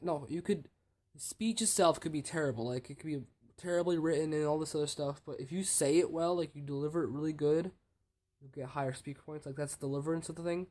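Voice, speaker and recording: Rambling young man with high voice. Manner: rambling, full of restarts and fillers, trailing off quietly. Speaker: student speech competitor. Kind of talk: casual vlog talk.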